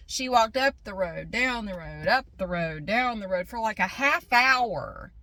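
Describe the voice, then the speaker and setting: A woman's voice: medium pitch, lively intonation, unhurried, sharp tone, no room sound. A middle-aged woman talks from her parked car in a loose, rambling vlog voice. She wanders off topic, pokes fun at herself and keeps the story moving. Faint car sounds sit behind her. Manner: rambling, chatty, self-deprecating storytelling. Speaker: vlogger. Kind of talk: casual chat vlog.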